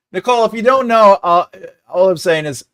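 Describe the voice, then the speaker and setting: This forties-aged male streamer speaks smoothly in a high, fairly bright voice. Hosting an easygoing live chat, he rambles, cracks jokes and laughs a lot.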